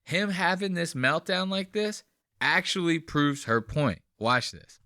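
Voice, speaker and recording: A man hosting a podcast, reacting to clips in casual commentary, excitable and swearing freely. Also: on the high side, unhurried, no echo, studio quality. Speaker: podcast host.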